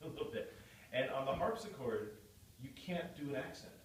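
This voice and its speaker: A man's voice: mid-range voice, lively intonation, moderate pace, slight background noise. Man, guitar teacher, patient explainer, far from the mic, echoey room. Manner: patient, explaining with repeated words. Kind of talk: one-on-one lesson.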